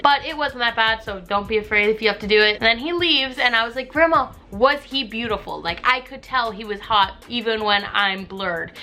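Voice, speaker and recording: A woman's voice: medium pitch, pushed and bright. A young woman telling a story to the camera in a casual vlog, chatty and dramatic, with "like" in nearly every phrase. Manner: chatty, dramatic, heavy use of "like". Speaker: vlogger.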